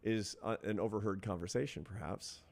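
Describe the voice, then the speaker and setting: A man in middle age with a notably low-pitched voice shares a personal story as a guest in an interview. He talks in an earnest, thoughtful way, laying out his ideas one step at a time. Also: fairly even intonation, a little fast, creaky. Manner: earnest, reflective, builds points step by step. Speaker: interview guest, social scientist.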